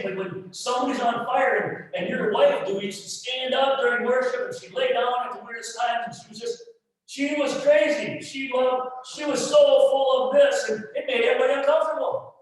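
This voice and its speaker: Impassioned pastor preaching in echoey sanctuary. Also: male voice, very high voice. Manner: impassioned, swings from quiet to shouting. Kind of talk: sermon. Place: church sanctuary. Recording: echoey hall, distant mic.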